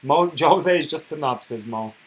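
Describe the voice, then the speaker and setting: A man hosting a casual football live stream, chatting and reading viewer comments aloud, getting loud and worked up when he rants. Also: on the high side, lively intonation, normal speed, slight background noise, rough recording. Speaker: football channel host reading live chat.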